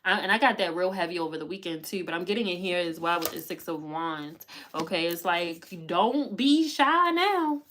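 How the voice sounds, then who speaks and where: A woman's voice: on the low side, fairly even intonation, fairly quick, a bit bright. A woman giving a live tarot reading, talking in emphatic, repetitive, slangy bursts full of profanity and pep-talk urging. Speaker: tarot reader.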